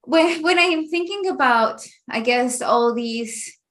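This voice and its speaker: A woman interviewing, summing up ideas in a measured, somewhat hesitant way. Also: high-pitched, animated, a bit bright. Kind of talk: interview conversation.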